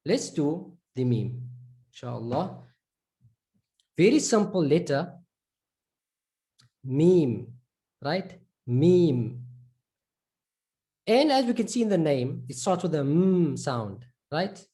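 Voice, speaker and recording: Slow, mellow South African teacher. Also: male voice, fairly high pitch, big pitch swings. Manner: slow, repeats sounds and words for students. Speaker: Arabic teacher. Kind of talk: live online lesson.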